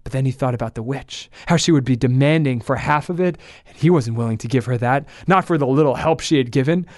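A man narrating a folk tale as the show's storyteller, in a steady, plain manner. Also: mid-range voice, quick pace, no echo, studio quality. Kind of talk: scripted narration.

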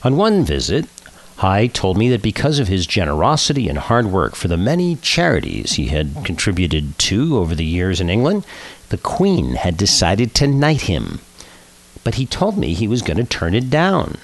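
Lively-voiced rabbi hosting a radio show. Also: male voice, on the low side, moderate pace. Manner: chatty, lively storyteller. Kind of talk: radio show hosting, joke telling and poetry reading.

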